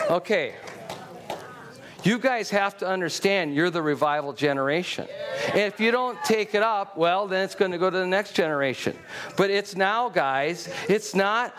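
A middle-aged man preaching a sermon, telling stories and urging the crowd on in an animated, exhorting way. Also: high voice.

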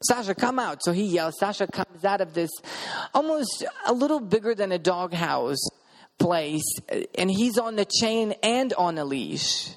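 A man's voice: high-pitched, animated, unhurried. A man preaching a sermon and telling a testimony, emphatic, repeating his words and asking the audience questions.

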